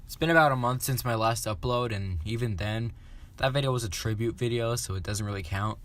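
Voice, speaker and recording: A man's voice: mid-range voice, a little fast, a bit bright. A young man giving a sarcastic, swearing comedic review of internet memes. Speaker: meme commentary YouTuber.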